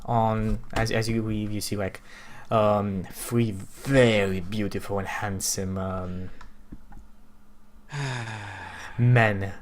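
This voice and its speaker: A man narrating as game master of a tabletop game, slow and hesitant, with fillers. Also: fairly low pitch, steady tone, a little hiss or hum.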